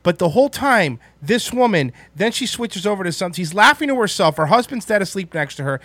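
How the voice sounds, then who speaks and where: A man telling a story in casual chat, animated and profane, with lots of restarts. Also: high-pitched, a little fast, no room sound.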